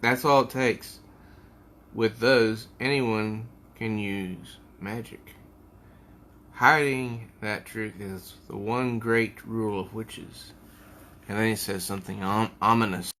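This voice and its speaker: A man with a fairly low, bright, forward voice reviews a comic book at an unhurried pace, reading passages aloud along the way. He muses as he talks, often hesitating and pausing mid-sentence to think.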